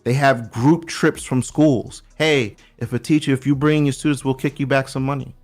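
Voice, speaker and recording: A man's voice: mid-range voice, steady tone, normal speed, soft background music. A middle-aged man from Brooklyn, telling stories as a guest on a casual podcast. He talks in street slang and restarts his sentences a lot. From Brooklyn, New York. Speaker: guest checking in from abroad.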